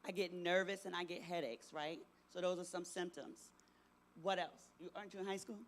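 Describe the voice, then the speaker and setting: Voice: medium pitch, fairly even intonation, fairly quick, slight background noise. A middle-aged presenter giving an interactive talk to teenagers, often asking the audience questions and tagging sentences with "right?". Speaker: youth workshop presenter.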